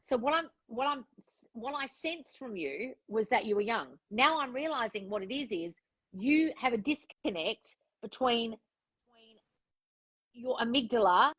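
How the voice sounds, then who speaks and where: The coach, a woman guiding a single client in relationships and manifestation, is frank and direct as she instructs and role-plays the client's desired thoughts. She talks a little slowly in a slightly high, lively, somewhat bright and slightly rough voice. It's a rough recording without echo.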